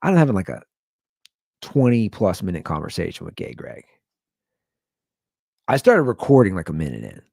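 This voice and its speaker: A man's voice: low-pitched, huge pitch swings, moderate pace, gravelly, pauses often, a little mellow, dry recording, clean studio sound. A man hosting a podcast, telling a comic story in a rambling, loose, casually profane way. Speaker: podcast host. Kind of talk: casual comedic storytelling rant.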